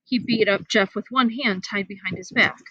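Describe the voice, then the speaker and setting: A woman reading a children's novel aloud outdoors in the wind, animated and giving the characters voices. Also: mid-range voice, moderate pace, dry recording, highs cut off. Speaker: reader. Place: outdoors, windy.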